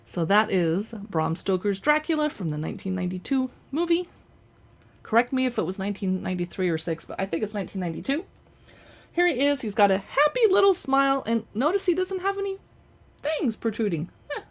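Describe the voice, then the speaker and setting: A woman's voice: mid-range voice, big pitch swings, brisk. A woman hosting a casual show-and-tell, chatting playfully while she handles books and toys. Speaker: host showing books and collectibles. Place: indoors at home in front of a backdrop.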